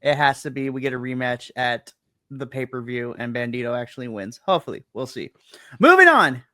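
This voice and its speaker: A man co-hosting a wrestling podcast, recapping the show in a playful, animated way and acting out quotes. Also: mid-range voice, fairly quick, dry recording, studio quality. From US West Coast. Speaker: podcast co-host. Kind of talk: casual chat, wrestling review. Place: home.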